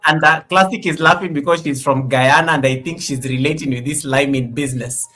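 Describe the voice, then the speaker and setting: A woman's voice: low voice, brisk, fairly bright tone, faint music behind. A woman hosting a casual live-stream chat, laughing often and reading out viewer comments. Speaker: host.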